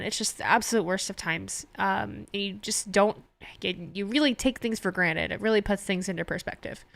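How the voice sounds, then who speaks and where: A woman's voice: on the high side, pushed and bright, no room sound. A woman streamer hosting a live watch party, anxious and chatty, swearing freely as she reacts.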